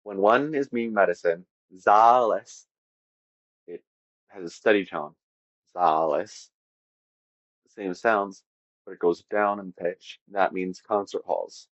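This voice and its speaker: A man's voice: low-pitched, normal speed, no room sound, dull audio. A man narrating an informal lesson on linguistics, casual and self-deprecating with offhand asides. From half Latvian. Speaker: educational video host.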